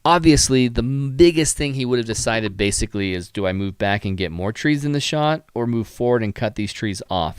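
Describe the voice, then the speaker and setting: Male stream host, smooth clear voice, dry close sound, tired and rambling, enthusiastic. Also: mid-range voice, moderate pace, few pauses, dry recording. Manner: enthusiastic, rambling, with many fillers and sighs. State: tired, yawning. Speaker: photography live stream host. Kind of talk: casual live stream critique.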